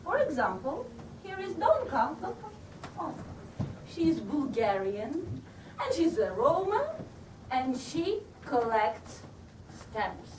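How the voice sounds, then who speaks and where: A woman playing a bossy, indignant Eastern European patriot with an Eastern European accent, her high voice swooping widely as she scolds at an unhurried pace. She is heard from a distance on a roomy stage, with a steady hiss behind her. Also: heavily acted. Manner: scolding, lively, listing things off with mock indignation. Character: bossy, lively Eastern European woman lecturing about nationalities. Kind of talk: live stage comedy character. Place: theatre stage. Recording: distant, echoey live stage recording with background noise.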